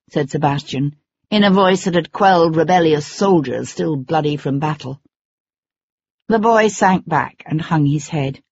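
Husky audiobook narrator, measured and dramatic. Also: mid-range voice, a little mellow. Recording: dull lo-fi recording.

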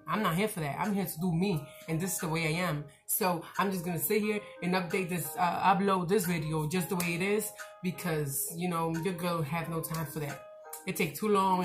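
A woman vlogger chatting casually to camera, rambling and excitable, with slangy, direct talk. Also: fairly low pitch. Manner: rambling, talkative, animated and excitable; slangy, direct, says "y'all" and "your girl".

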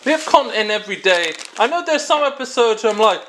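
A man with a high, bright voice hosts a comic review vlog. He rambles with goofy asides and constant self-corrections, his pitch swooping widely as he talks. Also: expressive, quick pace, few pauses, a little hiss or hum. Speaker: vlog host reviewing products.

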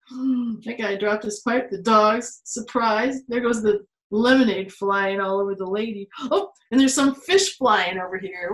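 A woman reading a picture book aloud to children and leading a drawing exercise, animated and quick to exclaim and laugh along with the pictures. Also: medium pitch. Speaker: children's museum storytime reader and art teacher. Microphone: phone or tablet camera. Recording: echoey room sound.

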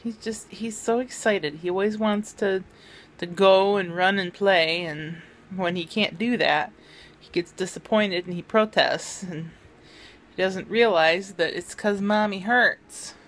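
A woman's voice: mid-range voice, unhurried. Candid woman vlogging casually. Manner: candid, matter-of-fact. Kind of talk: casual personal vlog.

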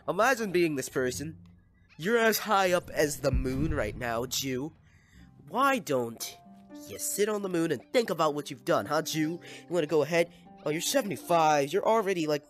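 A man's voice: fairly high pitch, animated, moderate pace, faint music behind. A young man giving casual, playful gameplay commentary, exclaiming at and scolding the little villagers in his game.

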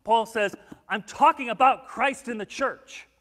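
A man preaching a sermon as pastor, telling stories with acted-out quotes and swinging between hushed and loud. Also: very high-pitched, measured pace, big-room sound. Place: church sanctuary.

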